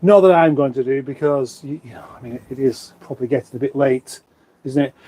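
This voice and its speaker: This Surrey-born Englishman runs a relaxed kitchen livestream from a phone on a stand, reading viewer comments aloud with self-deprecating, meandering chatter. His voice is mellow and mid-pitched, and he speaks briskly.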